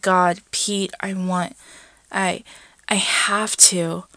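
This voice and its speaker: A woman's voice: on the low side, level tone, very slow, bright, forceful tone, no room sound, full character voice. A woman reading a story aloud voices an impatient young man, a lead singer, who speaks in urgent, half-whispered bursts.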